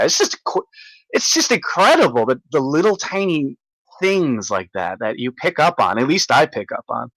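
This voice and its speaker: A man telling a rambling, excitable story in a casual vlog, stumbling over restarts and fillers as he marvels at things. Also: mid-range voice, dry recording, low-quality recording. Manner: halting, many restarts and fillers. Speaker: vlogger recounting a visit.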